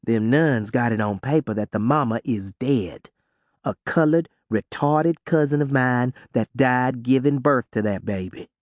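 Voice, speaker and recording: A man doing gruff, stern woman Simone. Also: no room sound, clean studio sound, close to an everyday voice. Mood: lecturing. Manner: slow, low, clipped dialect. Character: gruff, hard-drinking Southern woman, stern and secretive.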